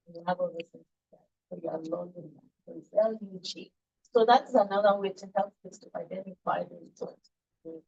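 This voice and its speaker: Woman instructor, mid pitch, patient classroom lecture with playful questions to students. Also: low-quality recording. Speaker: early childhood education instructor.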